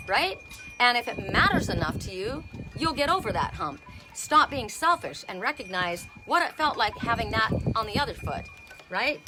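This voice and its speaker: A woman reading oracle cards on a casual live stream outdoors, talking bluntly and swearing freely. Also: a little high. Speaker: oracle card reader.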